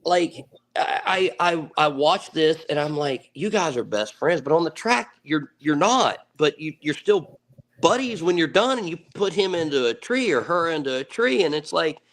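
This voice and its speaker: A man's voice: on the high side, lively intonation, moderate pace, a bit bright. A man in his thirties, a guest on a podcast, telling a story in an earnest, casual way, repeating words and swearing offhandedly. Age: 30s. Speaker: podcast guest, ATV racer.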